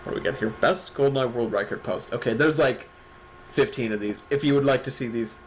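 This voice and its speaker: A man co-hosts a livestreamed awards show, trading sarcastic jokes and offhand swearing in casual stream chat. His medium-pitched voice is brisk, and the low-quality recording carries slight background noise.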